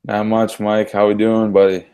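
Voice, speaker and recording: Casting: deep, monotone male co-host with a clean voice, eager and chuckly. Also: moderate pace, clear, resonant tone. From US Midwest. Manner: enthusiastic, chuckling, trailing off softly. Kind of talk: casual sports talk.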